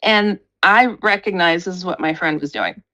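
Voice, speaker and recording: A middle-aged woman who researches the paranormal and hosts a radio show tells a story at a normal speed. She's animated, acting out quotes with big leaps in pitch.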